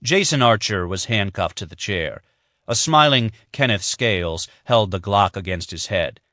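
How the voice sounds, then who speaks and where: A man reading a thriller audiobook in a measured, even narration. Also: fairly low pitch, no room sound, clean studio sound. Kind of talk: scripted narration.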